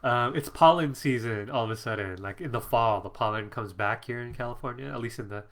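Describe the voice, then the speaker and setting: Middle-aged male host at his home desk, a bit congested; casual, chatty, bright, laughs easily. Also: medium pitch, a little fast. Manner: chatty, reads out viewer comments, laughs often. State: congested from allergies. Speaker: psychic coach hosting a live stream. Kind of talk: casual live-stream chat. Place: home office.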